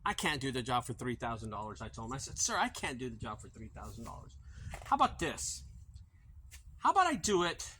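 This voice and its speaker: A man's voice: medium pitch, sing-song, brisk, pushed and bright, a little hiss or hum, low-quality recording. A middle-aged man who owns a junk removal business, speaking casually to camera outdoors and acting out both sides of a sales conversation. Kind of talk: casual talking-to-camera vlog.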